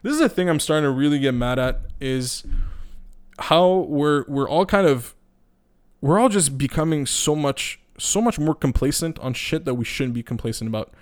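Man, podcast rant, profane and rambling, slightly high, smooth voice. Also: animated, moderate pace. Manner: profane, blunt and rambling, with many restarts. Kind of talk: casual ranting monologue. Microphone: podcast microphone.

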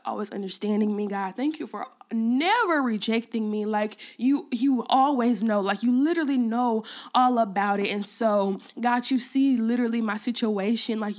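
A young woman hosting a faith podcast, talking in a rambling, heartfelt way with many fillers, close to tears at times. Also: a little high. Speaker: podcast host. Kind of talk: personal faith podcast talk.

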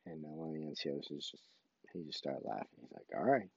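A man's voice: a bass voice, fast, gravelly, husky, no room sound, lo-fi sound. A man, an army sergeant, casually telling a story about his duty station and acting out the dialogue. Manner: animated, acts out quoted dialogue.

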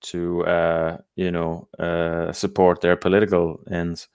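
A man with an Irish accent tells rowdy party stories, swearing freely and laughing as he goes. His voice sits very low. The sound is dry and close. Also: monotone, slow, a little mellow, clean tone, no echo. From Ireland. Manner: profane, laughing storyteller. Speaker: comedian podcast host. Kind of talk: casual storytelling chat.

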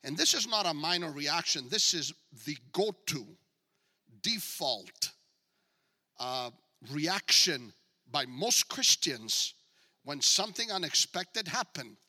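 A man preaching a sermon as a guest speaker, dramatic and joking, swinging from quiet talk to shouting. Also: on the high side, very animated, takes it slowly, big-room sound.

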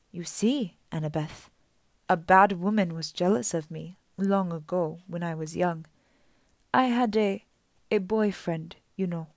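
A woman reading an audiobook voices a lonely, sweetly sinister old woman who talks slowly and soothingly. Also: on the low side, dry recording. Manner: slow, soothing and sad.

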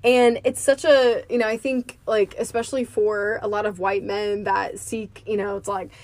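A woman's voice: mid-range voice, moderate pace, no room sound. A woman, co-hosting a podcast in casual chat and reading a story aloud with gusto. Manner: animated, reads aloud with growing gusto. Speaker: podcast co-host.

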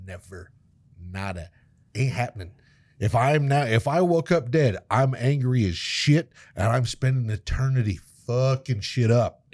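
A man in casual chat, ranting with profanity and sudden loud outbursts. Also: mid-range voice.

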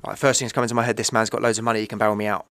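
A man's voice: lowish voice, level tone, rapid-fire, a bit bright, no room sound, studio quality. A man, telling his own story in a candid, emotional, rambling way, often asking "right?" and "you know". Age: 30s. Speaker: podcast guest.

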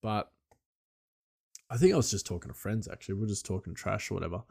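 Rambling man with a low voice. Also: expressive, fast talker, creaky, mellow, breathy edge. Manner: rambling, chuckling, loose. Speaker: podcast host. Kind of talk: casual solo podcast chat.

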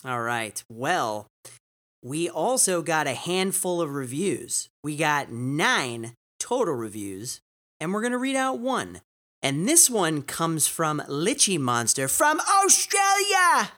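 Young man, podcast co-host, casual, wry, lively intonation. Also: on the high side, slow.

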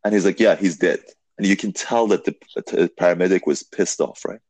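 A man telling a long story in a casual podcast conversation, animated and full of fillers, swearing now and then. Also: low voice, brisk, no echo.

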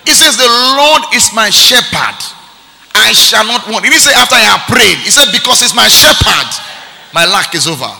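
A male pastor from Nigeria, preaching a sermon with shouted, sing-song call-and-response. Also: high voice, animated, normal speed, vocal fry, long reverb tail.

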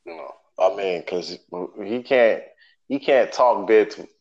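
A man's voice: on the low side, a little slow, darkish tone, highs cut off. A man co-hosting a podcast, telling sports stories in casual chat and chuckling through them. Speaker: podcast co-host.

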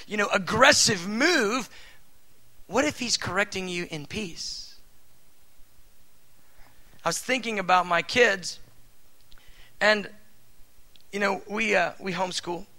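High, bright-voiced male preacher. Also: low-quality recording. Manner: swings between loud emphatic bursts and soft asides; conversational, with many fillers. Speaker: pastor. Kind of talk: sermon.

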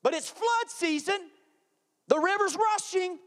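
A man's voice: very high voice, unhurried. A man preaching a sermon, acting out voices and repeating phrases for effect. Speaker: pastor. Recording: faint music behind.

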